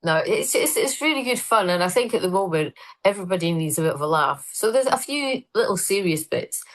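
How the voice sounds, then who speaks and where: A woman's voice: medium pitch, animated, brisk, low-quality recording. A middle-aged woman, a comedian, chatting casually and telling rambling, self-deprecating stories. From Scotland. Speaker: comedian guest. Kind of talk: casual chat.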